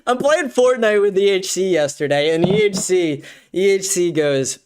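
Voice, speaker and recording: A young man with a high-pitched voice hosts a loose livestream and chats straight to his viewers. He rambles along with plenty of filler words, swears freely, and laughs often. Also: lively intonation, normal speed, a little mellow, clear, resonant tone. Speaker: livestream host reading chat. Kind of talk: casual livestream chat.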